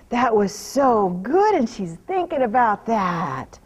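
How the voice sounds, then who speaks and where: A woman horse trainer talks viewers through a hands-on demonstration. Her husky, breathy voice sits high and swings widely in pitch, shifting from firm commands to soft, nearly whispered praise for the horse. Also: slow pace, hardly any pauses. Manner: alternates firm commands with calm explanation to viewers; drops into hushed near-whispers when soothing.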